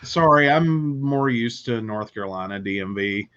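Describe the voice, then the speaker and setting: A man's voice: mid-range voice, animated, moderate pace, a bit bright, lo-fi sound. A man hosting a casual talk show, rambling along with many filler words. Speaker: host. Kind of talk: casual chat.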